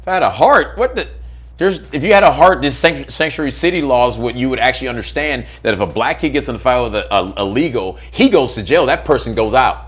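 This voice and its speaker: Animated man telling a heated story. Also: fast, breathy edge. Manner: acts out quotes with big swings in pitch and loudness; blunt, swears freely. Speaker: interview guest.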